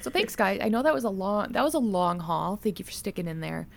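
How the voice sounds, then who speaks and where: A woman co-hosts a true crime podcast, wrapping up a case in loose, chatty conversation. Her voice carries a gravelly, creaky fry, and she talks at an average pitch with an easy, laughing manner. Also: very animated, brisk, slight background noise. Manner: chatty, laughs easily, mimics pronunciations. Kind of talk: casual podcast chat.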